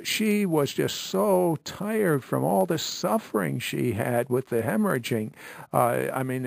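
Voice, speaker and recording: Gravelly male host, dry sound. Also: mid-range voice, dry recording. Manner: summarizing, with many "uh" fillers. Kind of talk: interview.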